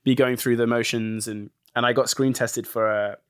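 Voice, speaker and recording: A man from England, a guest actor telling stories in a casual podcast interview, chatty and animated. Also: medium pitch, moderate pace, clean tone, no echo, studio quality. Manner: chatty, animated storytelling with acted quotes.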